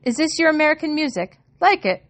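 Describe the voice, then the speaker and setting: Upbeat, loud joking male cabbie with an almost British lilt, voiced by a woman. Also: high-pitched, very animated, quick pace, voice pushed up. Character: cheerful chatty male taxi driver.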